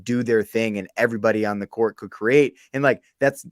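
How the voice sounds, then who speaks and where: A young man co-hosting a sports podcast, with a lowish voice and a casual, slangy, exasperated way of talking. The recording is dry and close. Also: steady tone, brisk, no room sound. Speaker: podcast co-host.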